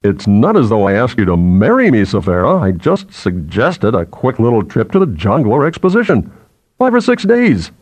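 A man's voice: mid-range voice, wildly swooping pitch, normal speed, a little mellow. A man doing a stolid, awkward male colleague. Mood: coaxing. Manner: stolid, clumsy. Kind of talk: audiobook character voice.

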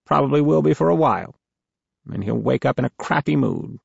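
A man's voice: medium pitch, big pitch swings, normal speed, gravelly, breathy edge, dry recording, highs cut off, voice pushed up, exaggerated voice. A man voicing an elderly grandmother in an audiobook, with a dry, knowing way of talking. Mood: wry teasing. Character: elderly grandmother, wry and teasing.

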